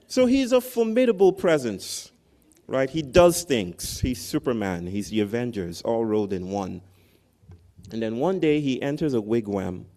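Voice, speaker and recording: A man's voice: mid-range voice, warm tone. A man giving a commencement speech, telling a story animatedly and often tagging his sentences with "right?". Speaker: commencement speaker. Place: large tent outdoors at a ceremony.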